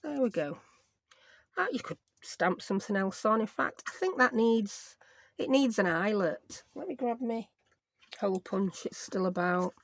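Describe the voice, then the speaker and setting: There's no room sound as this Yorkshire craft vlogger, from England and speaking with a Yorkshire English accent, walks through a tutorial at her desk in a casual, self-mocking way, using dialect words. Her medium-pitched voice has lively intonation, vocal fry and a measured pace.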